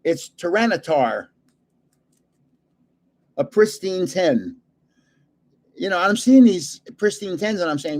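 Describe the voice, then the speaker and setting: A man's voice: high voice, animated, slow pace, long pauses, darkish tone. An older man hosting a casual livestream, chatting and chuckling as he opens and shows off trading cards and greets his viewers. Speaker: card-collecting livestream host. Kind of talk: casual livestream chat while opening cards.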